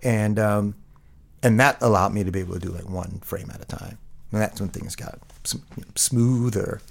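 A middle-aged man talks in a low register with a rough, gravelly edge. He rambles through his stories with restarts and constant fillers, in a relaxed interview chat. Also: moderate pace, a little hiss or hum. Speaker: guest. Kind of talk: casual interview conversation.

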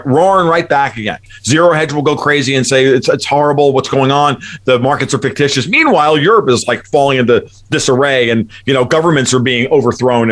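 A man's voice: medium pitch, a bit bright. A man talking as a guest commentator in a casual chat, rambling and emphatic, often restarting his sentences.

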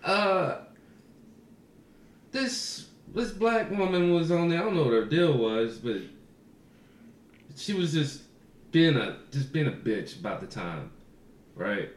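A man's voice: a little high, expressive, slow pace, pauses often. A man co-hosting a podcast, telling stories in casual chat, swearing freely and laughing often. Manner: profane, laughs often through his stories. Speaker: podcast co-host. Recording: roomy echo.

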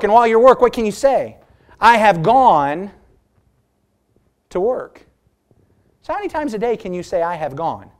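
A man preaching a sermon, emphatic, drawing out key words slowly and putting rhetorical questions to his listeners. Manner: emphatic, stretches key words slowly and rises in pitch for stress; asks the congregation rhetorical questions.

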